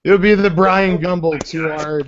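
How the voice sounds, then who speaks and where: A man's voice: high voice, steady tone, unhurried. A man hosting a casual online group chat, rambling and joking with many fillers. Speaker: podcast host. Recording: slightly muffled with faint hiss.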